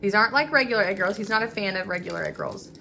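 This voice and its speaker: A woman's voice: mid-range voice, rapid-fire, gravelly, sharp tone, slight background noise. Chatty woman hosting a home cooking vlog. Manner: chatty, laughs often, frequent "um"s. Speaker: cooking vlog host and mother. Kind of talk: casual home cooking chat. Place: home kitchen.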